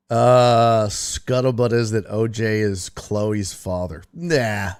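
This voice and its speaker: A man's voice: lowish voice, extremely slow, a little mellow, clear, resonant tone. A man hosting a casual sports talk stream, reading chat aloud and giving blunt, profane, mocking takes. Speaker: streaming sports show host.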